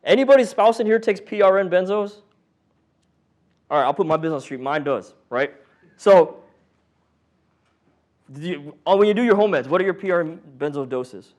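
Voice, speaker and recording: With a voice that sits high, a moderate pace, and long pauses, a man teaches a paramedic class casually. He's joking and animated, asking the room questions and voicing patients and monitors.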